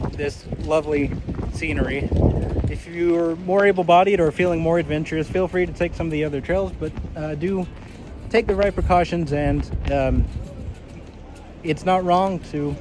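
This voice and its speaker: A vlog host narrates his hike along an outdoor park trail, chatty and joking while out of breath, explaining his muscles in plain terms. His voice is fairly high, with background noise around him.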